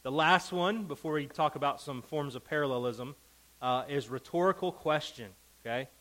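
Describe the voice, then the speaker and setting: A man's voice: fairly high pitch, normal speed, fairly bright tone, low-quality recording. A man teaching a Bible lesson to a class. He reads scripture with emphasis and keeps checking in with the group.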